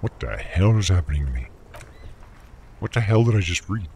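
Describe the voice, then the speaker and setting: A man's voice: deep voice, sing-song, moderate pace, dark tone, slight background noise. A man reading game text aloud and reacting to it, casual, swearing freely and tripping over words. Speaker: let's play gamer. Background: game music.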